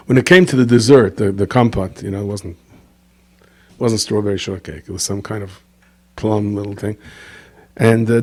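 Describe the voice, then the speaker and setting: Man, rabbi, storytelling sermon, acts out voices, average pitch. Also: a little mellow. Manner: storytelling, acts out quoted voices, asides to listeners. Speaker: rabbi giving a talk. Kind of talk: sermon with anecdotes.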